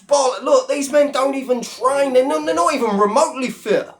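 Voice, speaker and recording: A man's voice: very high voice, normal speed. A man rants straight to his viewers, blunt and full of swearing. His tone stays scornful and mocking as he tears into his targets. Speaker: online commentator. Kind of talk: profane rant to camera.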